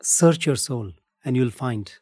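A man with an Indian accent, a breathwork and meditation teacher, answering gently in short calm phrases. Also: medium pitch, unhurried, slightly rough, no echo, studio quality.

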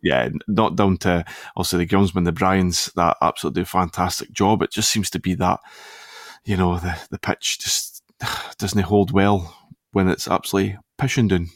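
Deep-voiced Scottish podcast host. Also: male voice, fairly even intonation, normal speed, no room sound, studio quality. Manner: rambling, self-correcting, easygoing. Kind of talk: casual football chat.

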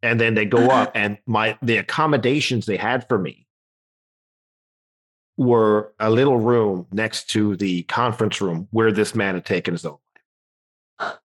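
Speaking a little slowly with long pauses, this lowish-voiced Newfoundland man spins a lively anecdote as a comedian guest. He slips into different voices to act it out during the relaxed conversation.

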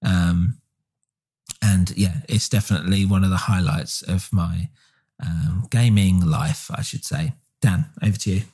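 A man with a deep voice co-hosts a podcast in a relaxed, enthusiastic way. His tone is dark and mellow, and he fills his pauses with ums. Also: husky. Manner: relaxed, filler-heavy, enthusiastic. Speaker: podcast co-host. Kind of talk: casual chat.

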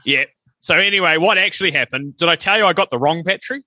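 Man, New Zealand accent, podcast co-host, bright tone, slightly high voice, storytelling. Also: quick pace, no echo. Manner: storytelling, acts out other people's voices. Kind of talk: casual chat.

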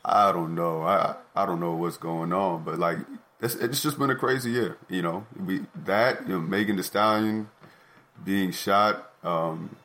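A man talking as a podcast guest in casual chat. He is calm and hesitant, and he repeats words while he thinks. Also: low voice, unhurried.

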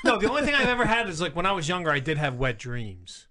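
A man's voice: on the high side, very animated, fast, background noise. A man on a podcast telling rambling, crude stories and filling them with "like". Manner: rambling storyteller, lots of "like". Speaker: podcast co-host. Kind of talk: joking podcast banter.

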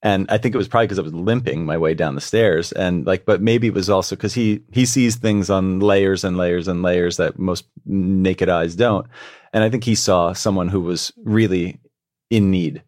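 Low-voiced man telling a story. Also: steady tone, moderate pace, a little mellow, no echo, clean studio sound. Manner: earnest, reflective, with repeated restarts. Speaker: guest. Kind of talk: storytelling in a podcast interview.

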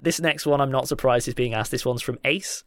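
Animated, teasing man on a podcast. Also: medium pitch, dry recording, clean studio sound. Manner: animated, teasing, quick to laugh. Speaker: podcast co-host. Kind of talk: casual podcast Q&A chat.

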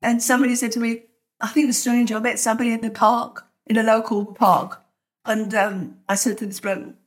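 An older woman with a fairly high voice tells her story in a chatty, rambling way. She slips into the voices of the people she quotes as she goes. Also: steady tone, fairly quick. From London, England. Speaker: guest, author. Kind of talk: telling her life story.

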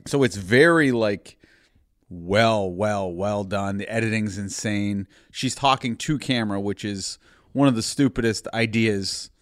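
A man with a lowish voice chats casually on a podcast, keen and animated as he praises a show. The sound is dry and close to the mic. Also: unhurried, no echo. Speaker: podcast co-host. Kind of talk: casual chat.

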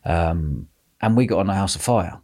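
A man hosting a podcast, telling a lively story with lots of laughter and quoted voices. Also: low-pitched, normal speed. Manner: animated, laughing, acts out quotes. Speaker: podcast host. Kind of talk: casual storytelling chat.

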